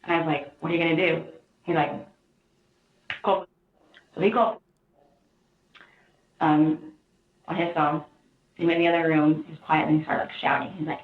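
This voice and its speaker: A woman recounting events in a rambling, halting way, often quoting others in a raised voice, heard on distant interview-room audio. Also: low-pitched, level tone, roomy sound, phone-quality sound. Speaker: interviewee in police interrogation footage.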